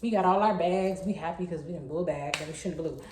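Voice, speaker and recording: A young woman, telling a story in a chatty, animated way. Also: fairly low pitch, fast, slight background noise. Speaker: vlogger. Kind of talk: casual storytime. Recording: echoey room.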